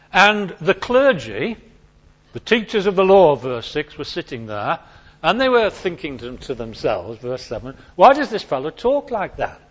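Animated high-voiced male preacher. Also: muffled recording. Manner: animated, emphatic, repeats key points. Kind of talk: sermon.

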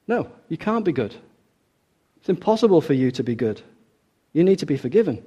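A middle-aged man preaching a sermon, pressing each point home and coming back to it again. His voice sits a little high for a man, with a mellow, warm tone. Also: sing-song, a little fast, pauses often, husky, lo-fi sound. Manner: emphatic, repeats key points.

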